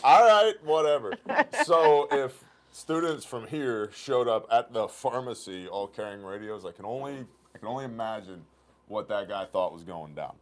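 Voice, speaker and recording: A man hosting a casual company livestream, chatting and telling stories with animated laughter. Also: on the low side, normal speed. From Oklahoma. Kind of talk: casual chat and storytelling.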